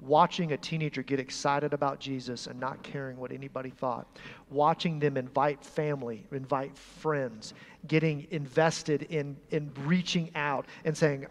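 A man preaching a sermon as pastor, swinging between hushed, quiet passages and loud, emphatic ones. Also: fairly high pitch, unhurried, big-room sound.

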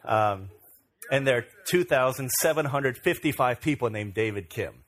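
A man's voice: medium pitch, animated, normal speed, background noise. Middle-aged pastor guy preaching, telling funny stories about himself, easygoing. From Virginia, USA. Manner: conversational, self-deprecating storyteller. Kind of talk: storytelling sermon.

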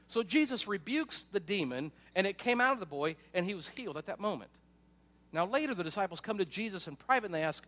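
A man's voice: sits high, expressive, fast talker, sharp tone. A man preaching a sermon in a casual, conversational way, with frequent asides and questions to the congregation. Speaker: pastor.

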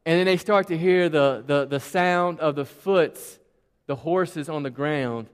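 A man retells a Bible story to his listeners in a loose, conversational sermon, full of asides. His voice sits a little high for a man. A long reverb trails each phrase, as in a large hall. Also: a little slow, clear, resonant tone.

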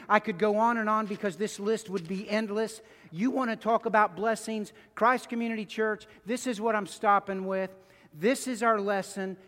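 In a large church sanctuary, a male pastor with a high, slightly bright voice preaches a conversational sermon, repeating phrases and sharing personal stories. He then leads the congregation in prayer.

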